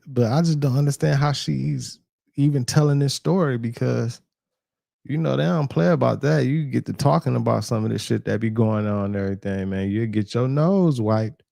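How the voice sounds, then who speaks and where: A male reaction host comments in loose, profane slang and shouts out his viewers by name. His voice is dark and gravelly. The sound is dry, with no room around it. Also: medium pitch, moderate pace, dry recording.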